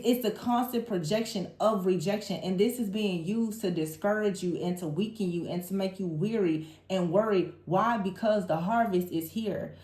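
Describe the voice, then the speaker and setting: A woman talks through a tarot reading with lively exasperation, now and then mimicking the people she describes. Her voice sits in a middle range. The room around her adds a noticeable echo. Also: mid-range voice. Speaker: tarot reader. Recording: roomy echo.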